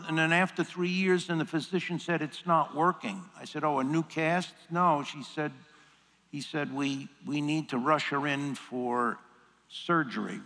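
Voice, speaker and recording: Male workshop speaker, wry self-mocking storyteller, slightly high voice, reverberant hall. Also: a bit bright. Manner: self-deprecating humor, acts out dialogue. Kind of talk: storytelling talk.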